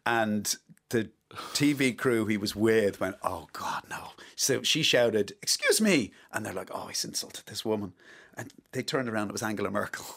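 Man, fairly low voice, energetic storyteller, casual chat. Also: normal speed, vocal fry. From Ireland. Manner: energetic, rising excitedly as stories build. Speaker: co-author and guest. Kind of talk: casual anecdote-telling.

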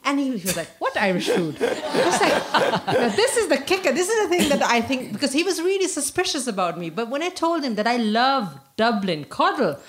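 A woman's voice: sits high, a little fast, hardly any pauses. A woman broadcaster on a panel, telling stories with laughter. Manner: animated storyteller, laughing. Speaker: radio broadcaster. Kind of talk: casual panel chat.

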